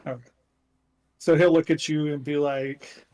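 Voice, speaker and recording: Flat-toned man role-playing a solemn character. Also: medium pitch. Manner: solemn, measured in-character speech. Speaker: player. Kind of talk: in-character tabletop role-play.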